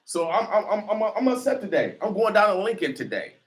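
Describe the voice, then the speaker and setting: A man hosting a talk radio show, preaching defiantly and rising to near shouts. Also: high-pitched, very animated, fairly quick. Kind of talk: fiery talk radio commentary.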